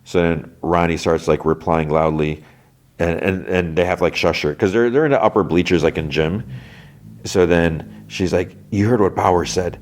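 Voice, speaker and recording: A man with a low, deep voice hosts a podcast and talks through a TV episode. His retelling is loose and rambling, full of fillers as he goes. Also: moderate pace. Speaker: podcast host. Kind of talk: casual episode recap.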